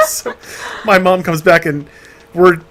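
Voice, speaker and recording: A young adult commenting alongside a game playthrough, telling rambling stories in a relaxed way. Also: medium pitch, fast, soft background music. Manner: laid-back, tells rambling anecdotes. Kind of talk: casual gameplay chat.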